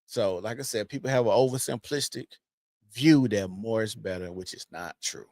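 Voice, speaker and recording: A man's voice: fairly low pitch, moderate pace, a little mellow. A man hosting a casual podcast, talking loosely and profanely and laughing often. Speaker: podcast host.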